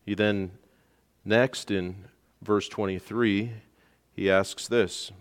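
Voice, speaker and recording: A man's voice: fairly even intonation, slow pace, long pauses, long reverb tail. A man preaching a verse-by-verse sermon as pastor, who lifts his voice sharply to stress key points. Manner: emphatic, rises in pitch and volume to stress points. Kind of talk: expository sermon.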